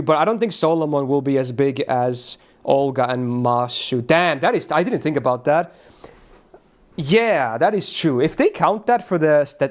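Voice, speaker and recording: A young man streaming a game, chatting casually in a rambling, excitable way and swearing freely. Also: fairly high pitch.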